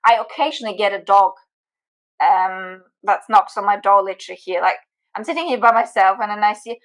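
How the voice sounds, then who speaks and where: A woman being interviewed as a guest, telling stories in an animated, chatty way. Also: medium pitch, fairly quick, low-quality recording. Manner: animated storyteller, lots of fillers and restarts. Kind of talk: casual interview chat.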